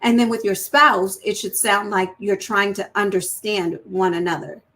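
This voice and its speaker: A woman's voice: medium pitch, steady tone, normal speed, a bit bright. A woman hosting a candid, faith-based talk on marriage, speaking earnestly and conversationally and acting out example phrasings in shifting tones. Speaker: host of a faith-based women's channel.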